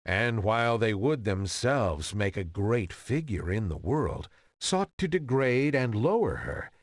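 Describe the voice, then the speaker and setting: Guy reading a fairy tale aloud, slow and super expressive, dry close sound. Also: mid-range voice, no echo. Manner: old-fashioned, expressive reading. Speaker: narrator. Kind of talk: storybook reading.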